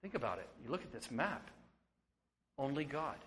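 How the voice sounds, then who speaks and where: Pastor preaching in a reverberant hall. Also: male voice, mid-range voice, normal speed, slight background noise. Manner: swings from hushed and tender to loud and excited. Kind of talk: sermon. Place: church sanctuary.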